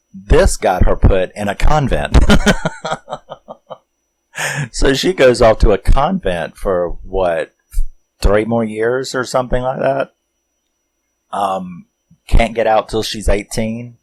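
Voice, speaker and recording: A man with a low, deep voice and a drawl talks through a movie he loves. He rambles, retells its scenes with plenty of fillers, and acts out the characters' lines. The tone is a loose, casual film recap. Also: slow pace, pauses often, rough recording. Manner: rambling, animated retelling with acted-out quotes and chuckles. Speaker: movie review host.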